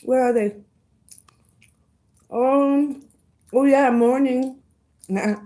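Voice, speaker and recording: A woman's voice: high-pitched, steady tone, dark tone. A woman vlogger eating on a livestream and greeting her chat viewers by name between bites, murmuring over the food. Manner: slow, chewing, savoring food with murmurs. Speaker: mukbang vlogger.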